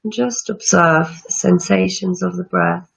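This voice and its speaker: A woman yoga teacher leading a guided breathing meditation with slow, soothing instructions. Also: lowish voice, fairly even intonation, vocal fry, breathy edge, faint music behind. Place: room with chairs, not a studio. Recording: dull lo-fi sound.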